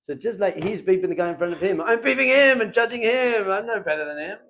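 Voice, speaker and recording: Animated rabbi with a raised voice. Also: male voice, high voice, fast. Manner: animated, acts out little scenes, chuckles often. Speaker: rabbi teaching a class. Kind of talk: lively Torah lesson. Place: classroom.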